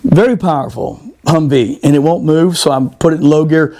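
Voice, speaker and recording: A man, a former Marine, telling a profane, animated story on a podcast and laughing often. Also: on the high side, normal speed. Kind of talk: casual storytelling.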